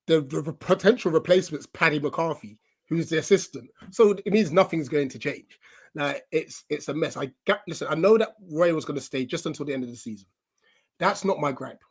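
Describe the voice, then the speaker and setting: A man in his twenties vents hard about his club, emphatic and fed up. His voice sits a little high. He talks over a home video call. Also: slightly rough. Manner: ranting, exasperated, emphatic. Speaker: guest fan pundit. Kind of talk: live football fan panel chat.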